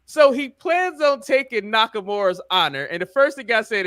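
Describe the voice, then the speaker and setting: Animated high-voiced man, dry close sound. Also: normal speed, no room sound. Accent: American. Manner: animated, laughing banter. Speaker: podcast co-host. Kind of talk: casual chat.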